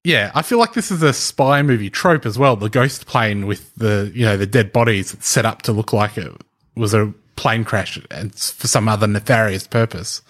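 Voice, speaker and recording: A man's voice: fairly low pitch, moderate pace, fairly bright tone. A man co-hosting a podcast, casually explaining a story to his co-host while thinking aloud, restarting sentences and laughing lightly. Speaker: podcast co-host presenting the research.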